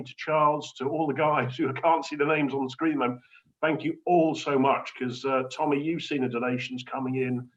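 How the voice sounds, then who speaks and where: A man's voice: on the high side, a bit bright. Charity guy on a video call, gushing thanks, stammers a bit, dull lo-fi sound. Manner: effusive, grateful, stammers into phrases. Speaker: charity representative guest. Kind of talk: casual video-call chat.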